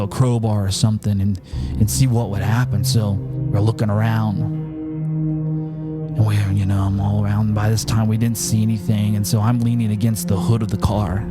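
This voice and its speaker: A man hosting a podcast, telling a personal story and turning it into earnest, emphatic preaching. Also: medium pitch. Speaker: podcast host.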